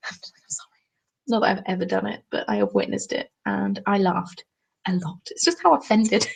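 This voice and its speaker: A young woman chats casually on a crafting live stream, answering viewers' comments as they come in. Her voice has a gravelly, fry-tinged texture at a middling pitch. She talks in a chatty, self-deprecating way, often apologizing. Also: big pitch swings, normal speed, rough recording. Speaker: crafting livestream host.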